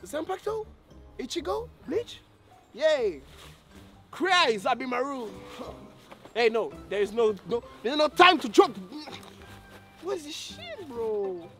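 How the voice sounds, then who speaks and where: A man's voice: very high-pitched, vocal fry. A man filming a joking complaining vlog, whiny and slangy, calling everyone "bro" and mixing in French words.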